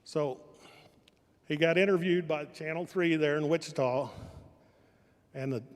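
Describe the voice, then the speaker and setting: A man's voice: a little high, measured pace. An older man from Kansas giving a humorous speech about his family, telling anecdotes in a dry manner and correcting himself as he goes. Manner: dry storytelling with self-corrections. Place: event hall. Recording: reverberant hall.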